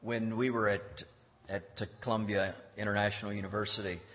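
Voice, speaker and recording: A man preaching a sermon in an earnest, deliberate way, repeating his key phrases. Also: on the low side, level tone. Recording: dull lo-fi sound in a reverberant hall.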